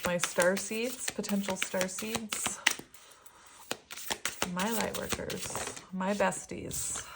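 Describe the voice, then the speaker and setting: A woman's voice: on the low side, a little hiss or hum. Chatty woman doing a tarot reading. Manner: rambling and chatty, laughs often. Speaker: tarot reader. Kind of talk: casual spiritual reading.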